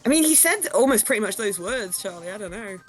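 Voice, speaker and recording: A woman's voice: medium pitch, animated, fast talker, faint music behind. A woman co-hosting a game stream, chatting casually with teasing, sarcastic remarks and frequent laughter. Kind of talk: casual chat while playing.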